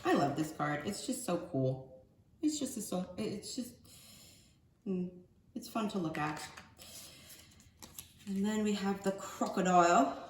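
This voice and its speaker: A woman giving a casual oracle card reading. She talks in a loose, rambling, slangy way. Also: mid-range voice. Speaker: spiritual card reader. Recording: echoey room with faint ambient noise.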